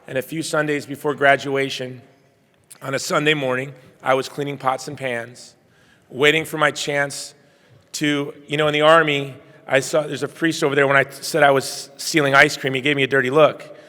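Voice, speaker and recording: A man's voice: mid-range voice, flat delivery, moderate pace. Earnest man telling his story in a hall. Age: middle-aged. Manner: earnest storytelling, swings from quiet to loud. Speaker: keynote speaker. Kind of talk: personal testimony speech. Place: banquet hall. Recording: reverberant hall.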